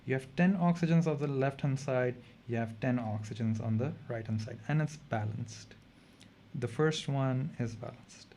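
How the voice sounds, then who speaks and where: A man's voice: medium pitch, normal speed, mellow, a little hiss or hum. A young man tutoring chemistry in a casual revision lesson, chatty and thinking aloud as he corrects himself mid-sentence.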